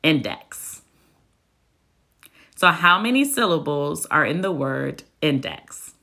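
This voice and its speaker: A woman teacher giving a phonics spelling lesson, speaking slowly and deliberately and spelling words out letter by letter. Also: low-pitched, lively intonation, vocal fry, pushed and bright. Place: classroom.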